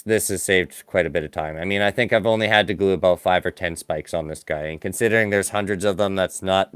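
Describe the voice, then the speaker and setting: Low-voiced man chatting while sculpting. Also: clean tone, no echo, clean studio sound. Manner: rambling, self-deprecating, distracted by the work at hand. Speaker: stop-motion animator streaming live. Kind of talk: casual live-stream chat while crafting.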